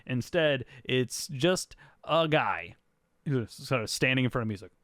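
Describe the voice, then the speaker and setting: A man's voice: medium pitch, expressive, moderate pace, fairly bright tone, no echo, clean studio sound. A man co-hosting a podcast, telling a story in a rambling, laughing way. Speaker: podcast co-host. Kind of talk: casual chat.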